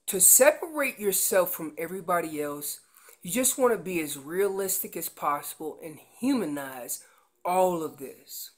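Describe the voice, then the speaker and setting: This woman speaks at a fairly low pitch while giving a seminar on elk calling with slides. She explains using everyday comparisons and launches into loud acted voices of calves and their parents.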